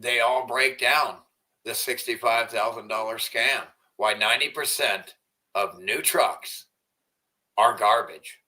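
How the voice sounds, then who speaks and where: A man's voice: medium pitch, slow pace, bright, forceful tone. A man livestreaming from home, ranting angrily and swearing a lot as he chats with viewers. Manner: angry, profane ranting. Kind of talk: livestream rant and chat.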